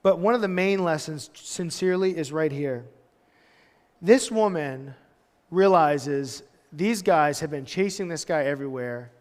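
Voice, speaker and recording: High-voiced man preaching in a reverberant hall. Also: lively intonation, unhurried. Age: 30s. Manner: casual, storytelling, loose with "like" asides. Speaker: pastor. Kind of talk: conversational verse-by-verse sermon. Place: church hall.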